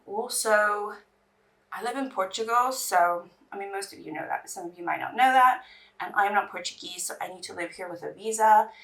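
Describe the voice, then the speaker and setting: A woman's voice: mid-range voice, normal speed, fairly bright tone, distant mic. A woman from England, chatting in a rambling way while doing her makeup on camera. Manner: chatty, rambling, restarts sentences. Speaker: beauty vlogger.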